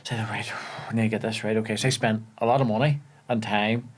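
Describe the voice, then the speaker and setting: A young man with a Belfast accent, an actor telling animated stories on a podcast and laughing often. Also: on the low side, fast talker. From Northern Ireland. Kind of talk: casual storytelling chat. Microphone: podcast studio mic.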